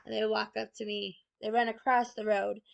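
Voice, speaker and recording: A woman's voice: mid-range voice, level tone, normal speed, vocal fry. A young woman telling a personal story in a chatty, casual way, often saying "I'm like". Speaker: student.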